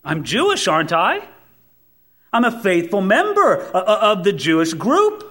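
A preacher putting on a smug, indignant religious leader. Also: male voice, sits high, wildly swooping pitch, unhurried, a bit bright, exaggerated voice. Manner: indignant, self-satisfied. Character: proud self-assured male religious leader.

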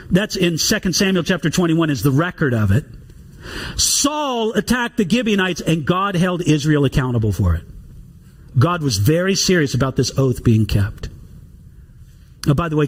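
A man preaching an expository sermon, reading scripture slowly and explaining it with conversational rhetorical questions. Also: high-pitched. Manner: reads scripture aloud slowly and deliberately. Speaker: pastor.

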